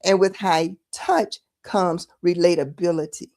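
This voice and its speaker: Emphatic Texan woman, fairly high voice. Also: lively intonation, moderate pace, a little mellow. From Texas. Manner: emphatic, repeats words for stress. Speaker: political commentator. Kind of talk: casual political commentary.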